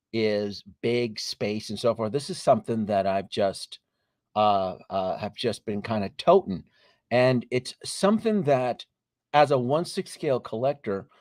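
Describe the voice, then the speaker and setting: Male stream host, mid pitch, dry close mic, loose, chatty, laughs a lot. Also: no echo. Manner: chatty, greets viewers by name, laughs often, trails off into restarts. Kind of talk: casual live stream chat.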